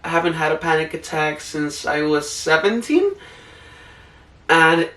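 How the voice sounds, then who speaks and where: A young man gives heartfelt advice in a rambling, earnest way with lots of "like" fillers. His voice sits high and sounds bright. The room is echoey and the mic is a little far off. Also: a little slow. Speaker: vlogger. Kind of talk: casual heartfelt advice talk.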